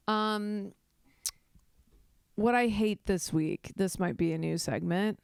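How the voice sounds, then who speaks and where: A woman's voice: medium pitch, fairly even intonation, slow, gravelly, pauses often, darkish tone, smooth, dry recording. A young adult woman hosting a casual comedy podcast, rambling, giggling and mocking herself as she talks. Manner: giggly, self-deprecating, rambling with restarts. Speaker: podcast host.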